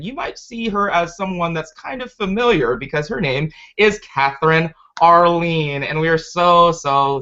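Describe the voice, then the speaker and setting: A man's voice: a little high, pushed and bright. A man hosting a casual web show over a video call, effusive and full of fillers, on muffled audio. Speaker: host.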